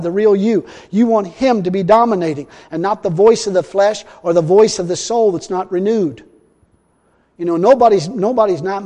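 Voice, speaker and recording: A man preaching a sermon in a folksy way, repeating himself and swinging between loud and hushed. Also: high voice. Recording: long hall reverb.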